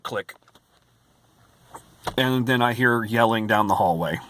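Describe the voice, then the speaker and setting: A man's voice: mid-range voice, moderate pace, a bit bright, a little hiss or hum. A man working as a hotel night clerk rants in a vlog. He sounds exasperated, stresses his words and keeps repeating himself. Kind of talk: ranting vlog.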